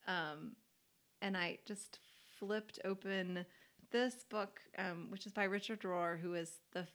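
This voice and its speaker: A woman's voice: mid-range voice, steady tone, a little slow, a bit bright. Woman, podcast co-host, casual faith chat, chatty, laughs easily, leans on key words.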